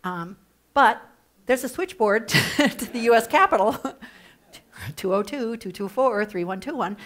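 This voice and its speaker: A woman leading an advocacy training workshop, talking with playful humor and mock excitement through a headset mic. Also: on the high side, a little slow. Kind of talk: workshop presentation. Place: training room.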